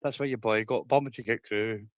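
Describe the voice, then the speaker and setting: A man's voice: lowish voice, fairly even intonation, moderate pace, no echo. Man, livestream rant, conspiratorial, dull dry audio. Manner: rambling, conspiratorial, crude.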